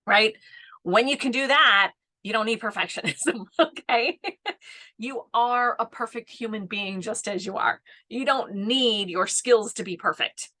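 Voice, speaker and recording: A woman's voice: medium pitch, pushed and bright. A woman in her fifties giving a casual live coaching talk, laughing often and tagging her points with "right?". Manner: chatty, laughs often, keeps asking "right?". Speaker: business coach.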